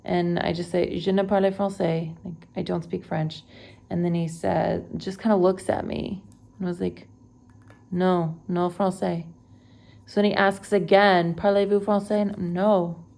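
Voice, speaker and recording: A young woman from Texas talks through a recent travel story at home, unedited and conversational. Her voice has a gravelly, fried edge, and she keeps stopping to correct herself and fill gaps with fillers. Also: lowish voice, flat delivery, measured pace, a little mellow. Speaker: travel vlogger. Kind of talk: unedited personal retelling.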